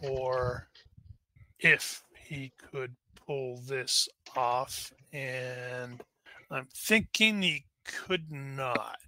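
A man's voice: mid-range voice, drawn-out words, bright, forceful tone. A man running a tabletop game as game master, thinking aloud with wry asides.

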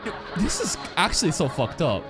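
A man hosting a live anime reaction, heated and profane, yelling at the screen. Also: fairly high pitch, huge pitch swings, normal speed, over a noisy crowd. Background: anime episode audio with music.

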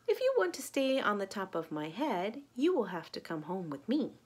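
A woman voicing a small, polite male mouse in a calm, plain-spoken way for a children's storybook. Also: mid-range voice, normal speed, slightly rough. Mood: firm.

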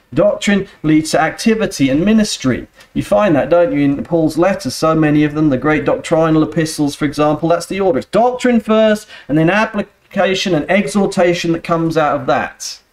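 A man preaching a sermon in a church, earnest and steady, often turning to the congregation with rhetorical questions. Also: high voice. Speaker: pastor.

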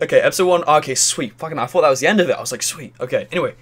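A young man chatting excitably and swearing casually while playing through a video game. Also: a little high, fast, few pauses, faint music behind. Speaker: gaming video host. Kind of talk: let's play commentary.

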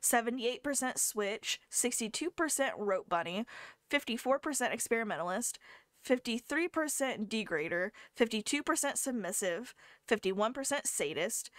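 A woman hosting a stream, briskly reading a long list of results aloud in a casual group chat. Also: on the high side, fairly bright tone, no room sound. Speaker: streamer host.

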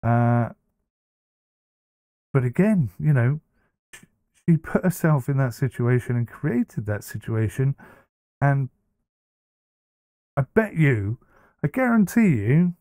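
A man's voice: mid-range voice, big pitch swings, slow, pauses often, dark tone, no echo, studio quality. A man hosting a reaction commentary, talking bluntly and casually with many fillers and restarts. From United Kingdom. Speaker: commentary host.

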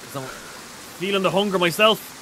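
A man streaming a survival game, chatting excitably with a teammate and shouting out viewers' chat messages. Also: high voice, fairly quick, slight background noise, poor audio. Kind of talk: casual gaming livestream chat.

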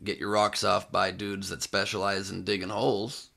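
Male stand-up comic guest, deadpan rambling riffs; gravelly voice. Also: low-pitched, normal speed, a little hiss or hum. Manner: deadpan, rambling, self-promoting jokes. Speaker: podcast guest, stand-up comedian. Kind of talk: casual comic podcast banter.

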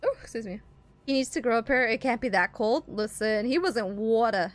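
A woman's voice: on the high side, expressive, fairly quick. A young woman gaming streamer giving casual let's play commentary, playful and self-mocking, with frequent exclamations.

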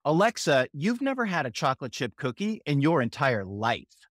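A man's voice: a little high, sing-song, normal speed, a bit bright, no room sound. A man co-hosting a math podcast, doing scripted comedy banter, playful and easily exasperated. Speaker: podcast co-host.

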